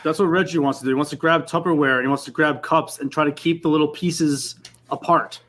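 A man playing a tabletop role-playing game and speaking in character with lively chatter. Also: fairly high pitch, fast talker. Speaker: player.

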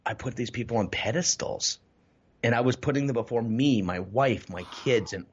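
Man, animated storyteller, husky tone, muffled lo-fi recording. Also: medium pitch, normal speed. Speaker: podcast guest. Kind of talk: candid storytelling interview.

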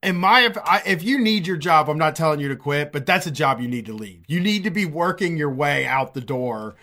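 A man's voice: a little high, expressive, a little fast, pushed and bright. A man reacting in casual chat, laughing often and giving blunt opinions with swearing.

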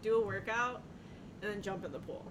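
A woman co-hosting a casual podcast, animated and quick to laugh as she chats with friends. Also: muffled recording. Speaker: podcast co-host. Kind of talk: casual chat. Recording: noisy background rumble.

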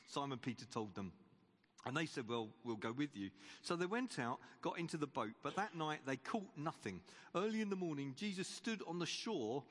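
A man's voice: on the high side, fairly bright tone. A man preaching a sermon in a chatty, stop-start way, retelling a Bible story. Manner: conversational, with frequent restarts and repeated words. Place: church. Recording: long church reverb.

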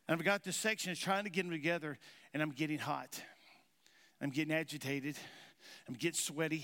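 Folksy pastor in a ringing hall. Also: male voice, fairly high pitch, fairly bright tone. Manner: folksy storytelling, quizzing the congregation. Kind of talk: sermon. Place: church sanctuary. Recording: reverberant church hall.

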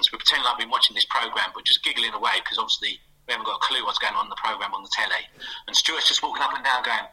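A middle-aged man telling a lively anecdote as a guest on a radio show, putting on playful voices for the people he quotes. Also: on the low side, slightly rough, low-quality recording. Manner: fast, animated storytelling with playful quoted voices. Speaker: guest, former footballer.

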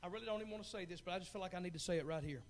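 A man in his forties preaching a fervent sermon as pastor, swinging from hushed asides to loud, urgent calls. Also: high voice, racing. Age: 40s.

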